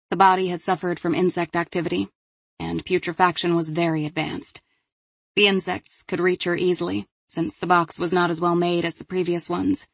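A woman with a lowish voice reads crime fiction aloud in a measured, even audiobook style. The recording is close and dry, with no room sound. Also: creaky, dry recording. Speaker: audiobook narrator. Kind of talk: scripted audiobook narration.

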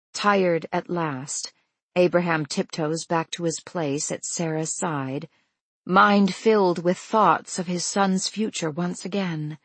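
A woman narrates a scripted story in a gentle, unhurried manner. Her voice is low-set and husky, and she reads slowly. The recording is close and dry. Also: dry recording.

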